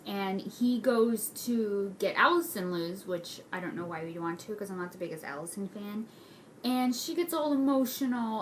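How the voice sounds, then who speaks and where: A woman's voice: medium pitch, a little hiss or hum, low-quality recording. A young woman casually recapping a TV episode, snarky and dramatic, swearing freely.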